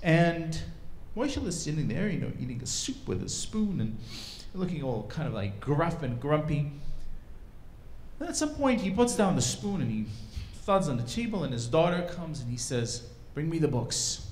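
A man giving a storytelling talk to a live audience at a cultural event, animated and casual, with fillers. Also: on the high side, normal speed, a little hiss or hum. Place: event hall stage.

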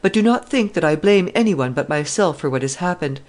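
A woman's voice: low-pitched, lively intonation, a little fast, darkish tone. Woman voicing a sad young orphan girl, tender, sorrowful, audiobook. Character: heartbroken young orphan girl writing a letter.

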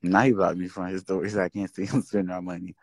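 Exasperated and swearing freely, a man vents on a casual livestream from indoors as a social media host. He talks quickly in a low, flat voice, and the recording is dry.

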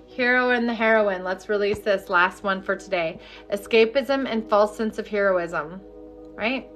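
A woman energy healing coach leading a live-streamed session, talking candidly and bluntly, then turning to slow, repeated guided affirmations. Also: medium pitch, fairly bright tone, faint music behind. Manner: candid, chatty and profane, then slow incantatory guidance.

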